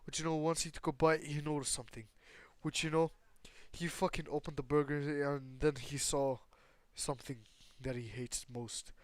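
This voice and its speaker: A man's voice: on the high side, level tone, moderate pace, no room sound. A young man improvising a fan story, rambling with constant fillers, restarts and casual swearing.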